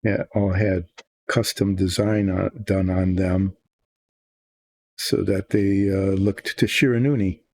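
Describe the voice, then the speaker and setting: An older man speaks in a low, slightly mellow voice, steady in tone and slow in pace, while painting miniatures for his video. His talk is a casual, meandering ramble, thought aloud with self-deprecating humor.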